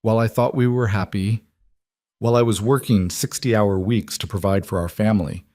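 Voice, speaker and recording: A grown son reeling from betrayal, his low voice bitter and raw, done by a male narrator. The sound is dry and close, with nothing around it. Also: steady tone, fairly quick, warm tone, no room sound, lightly acted. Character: betrayed grown son, angry then tearful.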